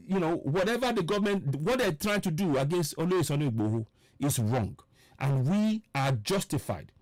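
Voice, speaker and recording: Male broadcaster, impassioned, emphatic repeater, high animated voice. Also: no room sound. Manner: preaching, repetitive and emphatic, slows for stress; greets viewers by name mid-speech. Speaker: online radio broadcaster. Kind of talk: impassioned political livestream address.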